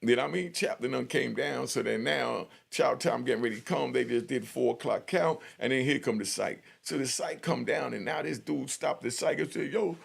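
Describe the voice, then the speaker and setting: A man's voice: mid-range voice, fairly quick, creaky, hardly any pauses, husky. A middle-aged man telling prison stories casually, in street slang with constant fillers. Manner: street slang, constant "you know what I mean" fillers. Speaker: storyteller, channel host.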